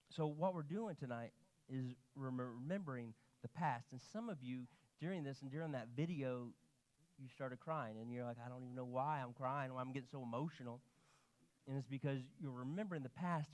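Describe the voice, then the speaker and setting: A man preaching in a church, telling stories with animation and quoting people in his own voice. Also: mid-range voice. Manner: animated storytelling, quoting himself and others. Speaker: pastor. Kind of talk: sermon. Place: church sanctuary.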